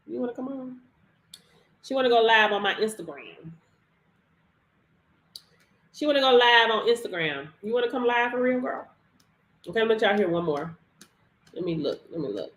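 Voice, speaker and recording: A woman coach talking to viewers on a live stream, animated and slangy, laughing often. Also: fairly high pitch. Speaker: business credit coach. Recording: roomy echo.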